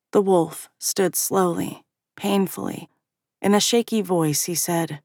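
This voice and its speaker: Low-voiced woman narrating a fantasy. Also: normal speed, darkish tone, no echo, clean studio sound. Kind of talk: first-person fantasy audiobook narration.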